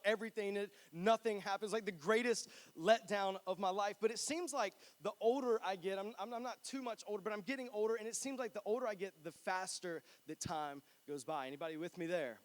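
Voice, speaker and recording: A man's voice: high-pitched, brisk. A pastor in his twenties, from North Carolina, preaching a sermon in a church in a chatty, joking, storytelling way. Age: 20s.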